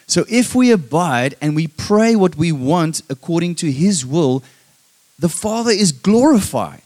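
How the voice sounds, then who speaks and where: A man's voice: on the high side, expressive, unhurried, darkish tone. Emphatic male preacher calling for amens. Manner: emphatic, calls for "Amen?" from the congregation. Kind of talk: sermon.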